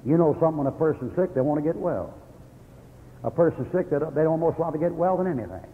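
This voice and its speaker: A man's voice: fairly high pitch, animated, quick pace, slight background noise. An older man, a Baptist preacher delivering a folksy sermon, telling stories with chuckles and breaking into angry tirades. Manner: folksy storytelling with sudden angry outbursts and chuckles. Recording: tinny phone-like old radio broadcast in a hall.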